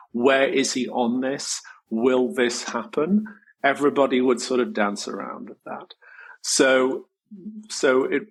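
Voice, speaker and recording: A man's voice: mid-range voice, poor audio. A middle-aged man, a guest on an interview show, reflectively and earnestly telling a personal story, swearing casually now and then. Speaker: guest, designer.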